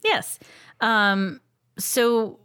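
A woman's voice: fairly high pitch, very slow, a bit bright, clean tone. A woman co-hosting a casual podcast, reading out researched facts with frequent ums and uhs and laughing easily. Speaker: podcast co-host presenting a researched topic. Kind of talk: casual chat.

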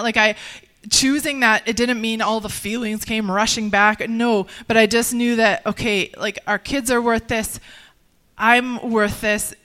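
A woman sharing a personal faith testimony in conversation, earnest and halting, with many restarts. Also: on the high side, sharp tone, smooth.

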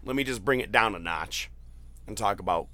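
A man hosting a casual podcast chat, retelling jokes with excited, profane laughter. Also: lowish voice, fairly quick. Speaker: podcast host. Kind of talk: casual chat recapping an event.

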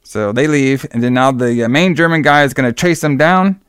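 A young man casually recapping a film plot in loose, profane talk, slipping into quick voices for the characters. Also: medium pitch, fairly bright tone, clean tone, no room sound, clean studio sound. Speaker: podcast co-host recapping a movie.

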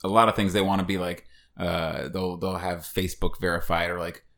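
Lowish voiced guy ribbing his cohost, dry jokey podcast chat. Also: steady tone, creaky, fairly bright tone. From United States. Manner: teasing, dry, quick-witted. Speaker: podcast co-host. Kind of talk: casual chat.

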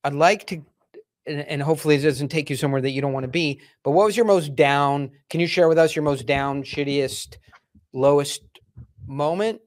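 A man's voice: fairly high pitch, normal speed, no room sound, clean studio sound. A man hosting an interview, asking blunt, curious questions in a casual, sometimes profane way. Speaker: podcast host. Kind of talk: interviewing a guest.

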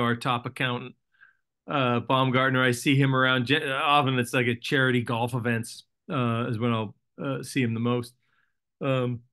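A man's voice: mid-range voice, fairly bright tone. A man, an actor guest in a casual interview, rambling through stories with self-deprecating jokes.

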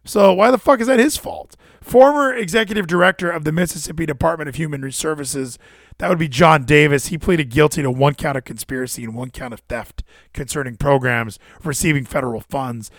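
A man's voice: a little high, brisk, dry recording, clean studio sound. A man streaming to his chat, reading news stories aloud and ranting about them in a casual, profane and incredulous way.

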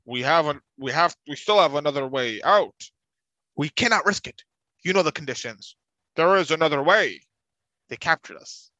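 A man's voice: on the high side, expressive, moderate pace, pushed and bright, no echo, dull audio. A man doing a stern woman spy giving orders. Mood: commanding.

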